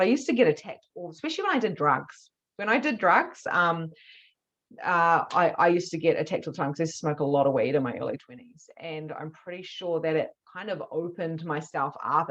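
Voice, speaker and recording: A woman, a spiritual mediumship teacher telling a candid story to camera, animated and swearing freely. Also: fairly low pitch, highs cut off. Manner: animated, swears freely, acts out her own past reactions.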